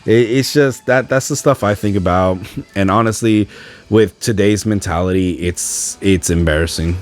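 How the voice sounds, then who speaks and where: Over soft background music, a young man delivers a solo podcast rant, venting his frustration and imitating others' words to mock them. He speaks at a moderate pace in a lowish voice.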